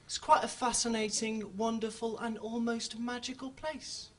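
A man doing a stand-up comedy routine on a club stage, telling stories with sudden loud bursts. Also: very high voice, level tone, moderate pace.

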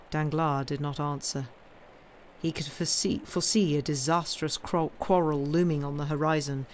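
A woman reading a classic novel aloud on a livestream in clear, measured narration. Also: sits low, fairly even intonation, slight background noise. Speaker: reader.

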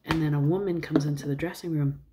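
A young woman casually retelling a film plot, rambling with fillers and soft asides. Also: low-pitched, steady tone, fast, background noise. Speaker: vlogger.

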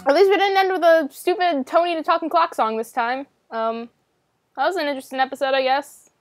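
A woman's voice: sits high, a little fast, faint music behind. A woman reacting to a children's show in casual commentary, exasperated and swearing, with show audio behind her. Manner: exasperated, swears a lot, questions everything. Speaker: reaction video host.

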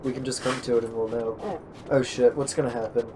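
A man's voice: mid-range voice, fairly even intonation, fairly quick, background noise. Cursing man playing a video game. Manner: grumbling, swears a lot at enemies. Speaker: gameplay commentator. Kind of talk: casual let's-play commentary. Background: game music.

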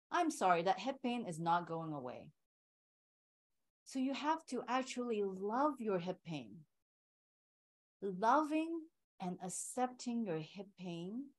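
Slow-paced woman teaching qigong. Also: mid-range voice, poor audio. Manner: explains slowly, often checks in with "right?" and "okay". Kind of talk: teaching an online class.

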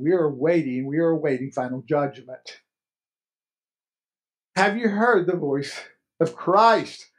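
A man preaching a sermon as pastor, earnest and emphatic, repeating key phrases. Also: a little high.

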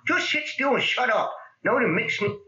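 A man voicing an impatient, snappish restaurant waiter in a 1950s comedy sketch, with a broad put-on accent and yelling at customers. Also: very high-pitched, animated, moderate pace, reverberant, highs cut off, heavily acted. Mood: exasperated. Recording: scratchy old record through camera mic.

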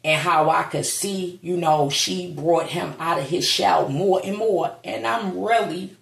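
Fighting back tears, a vlogger talks through her grief in a slow, heavy, casual monologue. Her voice is gravelly and low-set, her words blunt and sometimes profane, and it all echoes as though she's in a bare room at home.

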